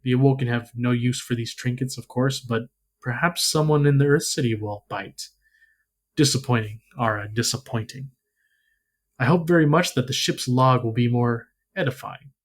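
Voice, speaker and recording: A bored, condescending alien crime lord drawls through his orders, as a man reads him aloud. He sounds scheming and dismissive at a middling pitch. This is a lore reading on a podcast. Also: normal speed, lightly acted.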